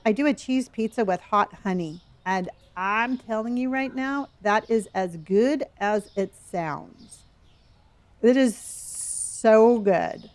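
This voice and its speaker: A woman's voice: a little high, a little mellow. A middle-aged woman streaming a game, chatting playfully with viewers and answering their chat messages.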